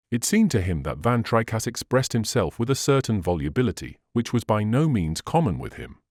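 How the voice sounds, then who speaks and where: Expressive low-voiced male audiobook narrator. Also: no room sound, clean studio sound. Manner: expressive storytelling reading. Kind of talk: scripted classic novel narration.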